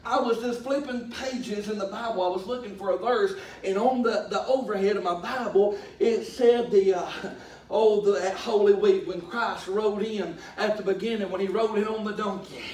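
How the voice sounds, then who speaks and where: High-voiced preacher, folksy, booming. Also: male voice, fairly even intonation. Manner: folksy, shouting and drawn-out at peaks. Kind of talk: sermon. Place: church sanctuary. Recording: echoey church from far off.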